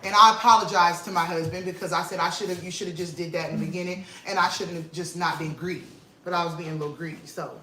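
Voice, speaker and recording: A woman vlog host, telling an animated, emphatic story to her viewers and repeating lines for effect, at home in her kitchen. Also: fairly low pitch, fast. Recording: roomy echo with faint noise.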